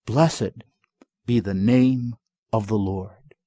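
A man preaching a sermon in a slow, measured way that builds to emphatic climaxes. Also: on the low side, warm tone, no room sound, studio quality. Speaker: pastor.

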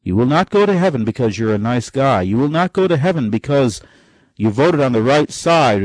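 A male preacher delivers a fervent sermon in a low voice. He climbs sharply on key phrases and slows down to drive points home. The sound is dry and close, with no room around it. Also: a little mellow, no echo.

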